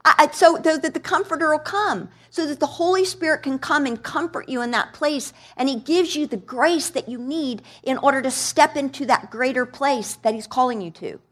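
A woman preacher giving a sermon in a conversational, animated way, asking the congregation questions. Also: high voice, moderate pace, hardly any pauses. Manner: conversational, animated, quizzes the audience.

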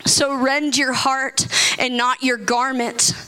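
A woman's voice: sits high, little pitch movement, takes it slowly, bright, forceful tone, smooth, rough recording. A woman preaching a sermon with passion, reading scripture and breaking into casual slang, at times crying out. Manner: impassioned, rising to cries when quoting prayer; reads scripture aloud, then speaks casually with slang.

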